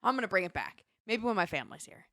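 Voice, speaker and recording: A woman co-hosting a radio morning show, chatting in a teasing, animated way and reading listener messages aloud. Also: mid-range voice, quick pace, dry recording, clean studio sound. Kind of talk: casual morning-show banter.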